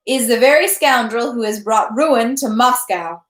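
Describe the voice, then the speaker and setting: A wrathful nobleman, his voice ringing and shrill, as a woman reader puts him on. He declaims loud, slow denunciations and commands, pitched well above an ordinary speaking voice. The reading sounds roomy and echoey. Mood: denouncing. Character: shrill, wrathful male count commanding a crowd.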